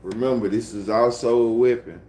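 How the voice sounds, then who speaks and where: A man's voice: mid-range voice, fairly even intonation, normal speed, a little mellow, slight background noise. A man with a Memphis accent chatting casually on a phone livestream at home, sleepy and laid-back, with a repetitive, mumbled drawl. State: sleepy, just woke up.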